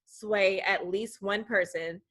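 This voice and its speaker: Woman, podcast guest, casual chat, emphatic, vocal, average pitch. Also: fairly even intonation, a little slow, a bit bright. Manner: vocal, emphatic, laughs easily. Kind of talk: casual conversation.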